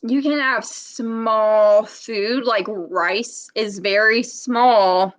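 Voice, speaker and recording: A woman speech therapist leads a read-aloud lesson, patient and questioning. Her voice is fairly high and she talks very slowly. The sound is dry and close. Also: fairly even intonation, dry recording. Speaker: speech therapist reading to children.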